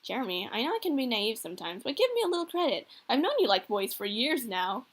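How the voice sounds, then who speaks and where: Brief: woman doing a goofy joking dad, fairly high voice, light teasing delivery. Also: sing-song, fast talker. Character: teasing middle-aged single father, goofy.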